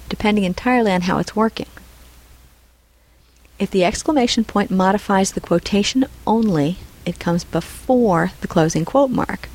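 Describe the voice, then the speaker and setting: A woman's voice: mid-range voice, darkish tone, rough recording. A woman narrating a scripted lesson on punctuation, reading example dialogue aloud and naming each punctuation mark. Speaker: writing instructor.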